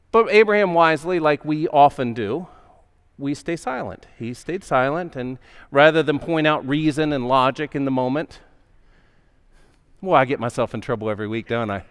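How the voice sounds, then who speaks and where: A man's voice: fairly high pitch, a bit bright, clear, resonant tone. A male pastor preaching a sermon in a conversational storytelling manner, acting out the characters' voices. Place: church sanctuary. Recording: long hall reverb.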